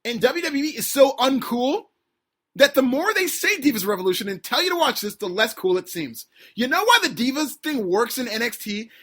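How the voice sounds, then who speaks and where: A man hosts a podcast alone, ranting with sarcastic emphasis and often rising close to a shout. His voice is slightly husky, and the pitch swings in lively leaps from low grumbles to sharp peaks. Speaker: podcast host. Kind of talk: opinionated solo podcast rant.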